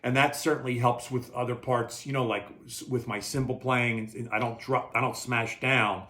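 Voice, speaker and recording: A man teaching drum hand technique in a relaxed, repetitive way, demonstrating as he talks. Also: mid-range voice, moderate pace. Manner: relaxed, repeats himself, talks while playing. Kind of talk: casual demonstration lesson. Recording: loud drumming behind the voice. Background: drum kit playing.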